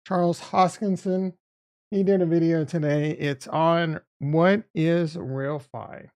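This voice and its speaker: A man's voice: fairly high pitch, steady tone, slow pace, a little mellow. A man hosting his own live stream in a casual, rambling way, often breaking off mid-sentence and filling gaps with "uh" and "like". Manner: rambling and self-interrupting, with frequent fillers. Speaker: streaming channel host.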